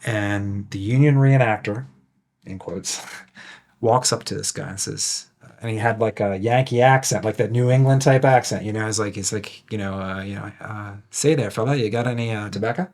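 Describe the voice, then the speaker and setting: A man's voice: fairly low pitch, normal speed, darkish tone. A man who guides ghost tours, telling a story in a casual chat, loose and rambling, full of fillers. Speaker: ghost tour guide and ghost hunter, guest.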